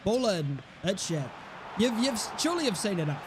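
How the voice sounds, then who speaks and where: A man's voice: high-pitched, sing-song, normal speed, noisy background. A young man giving casual, blunt, mocking commentary while playing a football game, swearing freely. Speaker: gaming streamer.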